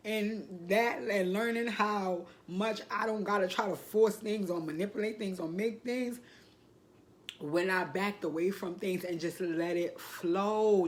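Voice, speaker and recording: A woman talking casually to the camera in a personal vlog, speaking emotionally and reflectively, near tears. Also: medium pitch. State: tearful. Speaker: vlogger.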